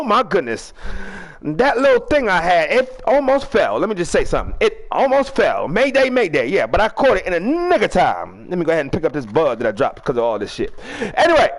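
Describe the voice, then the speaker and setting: A man hosting a fan-made video-game wrestling show, rambling in casual chat and breaking into drawn-out ring-announcer calls. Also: high-pitched. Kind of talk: casual hosted recap with announcer flourishes.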